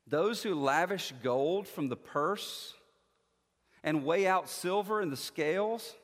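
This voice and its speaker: A man preaching a sermon as pastor, measured and emphatic, leaning on slow, stressed phrases. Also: high voice, a bit bright, long reverb tail.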